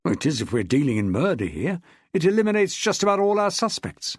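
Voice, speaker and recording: A man voicing a gruff, blunt middle-aged police detective in an audiobook. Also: a little high, big pitch swings, fairly quick, no room sound. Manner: blunt, dry, growling. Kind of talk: audiobook character voice.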